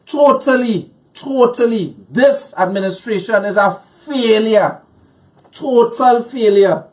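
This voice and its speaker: A man with a Trinidadian accent, a guest on a political talk show, speaking angrily and emphatically and repeating phrases to drive his points home. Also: extremely high pitch.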